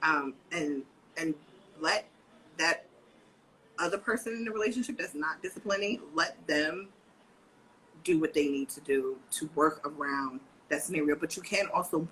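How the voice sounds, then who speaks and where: A woman's voice: low voice, moderate pace, a little hiss or hum, poor audio. A woman co-hosting a live video chat on parenting, talking casually and acting out voices from her family life. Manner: animated storyteller, acts out her daughter's voice. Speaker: co-host and parent educator.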